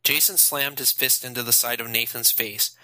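A man narrating an audiobook in a steady, even storytelling manner. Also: mid-range voice, moderate pace, dry recording, poor audio.

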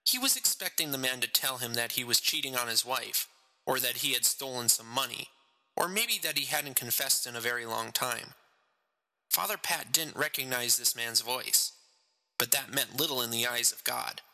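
A man reads his story aloud in a slow, measured way. His voice is gravelly, crisp and sharp-edged. A long reverb trails after every line. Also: medium pitch. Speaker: narrator, reader of his own story. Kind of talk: storybook narration.

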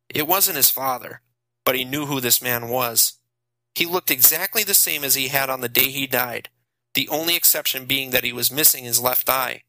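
Bright-voiced male audiobook narrator. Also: medium pitch, no room sound, low-quality recording. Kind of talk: scripted narration.

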